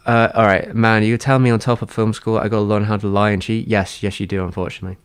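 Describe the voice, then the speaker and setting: A man's voice: fairly low pitch, little pitch movement, a little fast, clear, resonant tone. A man chatting casually on a livestream, answering his chat in a rambling, hesitant way with many fillers and restarts.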